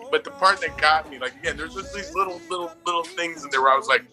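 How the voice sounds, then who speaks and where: A man chatting on a podcast with friends, swearing freely and breaking into laughter as he tells the story. His voice sits a touch high and sounds very bright, with faint music in the background. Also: quick pace, hardly any pauses. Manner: profane, excitable, laughs often while telling. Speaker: movie review podcast co-host. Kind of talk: casual chat.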